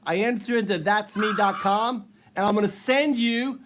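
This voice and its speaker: A man's voice: high-pitched, normal speed, background noise. A man hosting a casual live stream, chatting with strangers in a playful, teasing way and laughing often.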